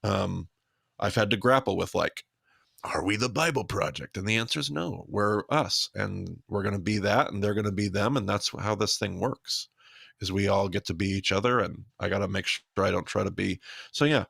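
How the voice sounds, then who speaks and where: Here an Idaho man co-hosting a podcast talks in a relaxed, frank way, often at his own expense. He has a lowish, creaky, husky voice with a fairly bright tone and speaks at a moderate pace; the recording is dry and studio quality.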